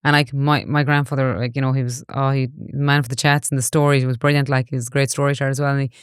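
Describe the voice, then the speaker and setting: A woman's voice: rumbling low, level tone, quick pace, smooth, dry recording, studio quality. A woman in her forties with a Galway Irish accent, a guest in an interview who tells stories in an earnest, chatty way. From Ireland. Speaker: guest, online safety educator. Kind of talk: casual interview chat.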